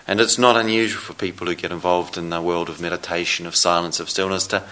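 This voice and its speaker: A man giving a dharma talk as a meditation teacher, speaking slowly and reflectively with long pauses. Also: deep voice, little pitch movement, sharp tone. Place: meditation hall.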